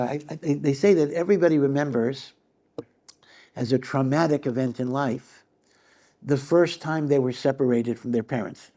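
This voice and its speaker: Rabbi lecturer, male, gravelly mid-pitched voice, chatty and animated, leans on repetition. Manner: animated, repeats phrases, acts out quoted voices. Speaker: rabbi giving a Torah class. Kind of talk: conversational Torah lecture.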